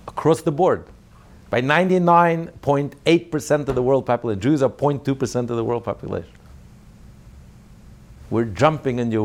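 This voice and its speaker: A man's voice: medium pitch, natural voice. A man acting out a cruel male Nazi soldier who mocks and taunts a Jew he is beating. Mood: taunting. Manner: taunting, scornful, shouting rhetorical questions.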